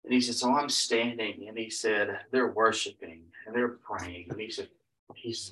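A man's voice: on the low side, steady tone, normal speed, pushed and bright, slight background noise. A man preaching, retelling another man's story in a rambling way, with many repeated "he said" tags and restarts. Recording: voice picked up from a distance.

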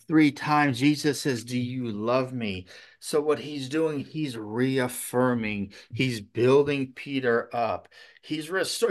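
A man preaching a conversational sermon, often checking in with his listeners and restarting his sentences. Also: medium pitch. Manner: conversational, repeats "okay?", many restarts.

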